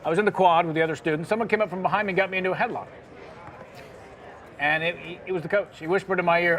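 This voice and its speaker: A man telling comic anecdotes in casual table talk during a poker game at a casino, self-deprecating and quick with punchlines. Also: high-pitched, fairly even intonation, fairly bright tone. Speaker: celebrity poker player and guest.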